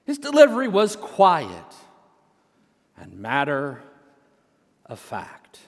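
A man preaching in a church sanctuary, measured and unhurried, with a humorous storytelling touch. His voice sits fairly high for a man. A long hall reverb follows each phrase. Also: wildly swooping pitch. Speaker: senior pastor. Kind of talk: sermon with storytelling.

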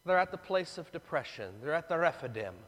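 A man's voice: fairly high pitch, big pitch swings, a little fast, fairly bright tone. A man preaching a sermon, telling the story dramatically and acting out the voices of the people. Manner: dramatic, acts out voices of the crowd. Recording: long reverb of a large hall.

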